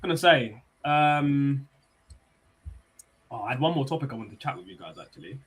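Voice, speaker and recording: A young man hosting a casual football livestream chat, excitable and full of banter and street slang. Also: medium pitch, normal speed, breathy edge. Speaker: podcast host.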